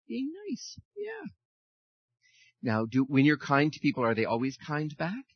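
A man leading a children's message in church, speaking in a friendly, animated way to children and reading them a story. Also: fairly high pitch, a little slow, slightly rough, dry recording, highs cut off.

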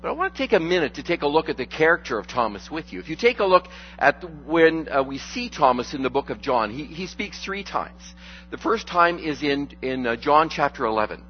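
A man preaching a conversational sermon as a pastor, relaxed and joking, with frequent fillers and restarts. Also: a little high, a little fast, dull audio, slight background noise.

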